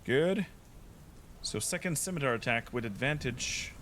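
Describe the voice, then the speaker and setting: A man running a tabletop game as game master, chatty and quick to laugh, often making sound effects. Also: mid-range voice, expressive, fairly bright tone, slight background noise.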